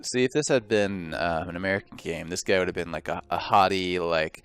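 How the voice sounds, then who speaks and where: A man's voice: low-pitched, a little fast, few pauses, fairly bright tone, clean tone, no echo, soft background music. Rambling, joking man in game commentary. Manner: rambling, self-interrupting, joking. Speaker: let's play host. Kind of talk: casual gameplay commentary.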